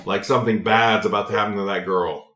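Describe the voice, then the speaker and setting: Young man, animated profane storyteller, low voice, roomy echo. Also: fast. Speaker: podcast host. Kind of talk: casual chat.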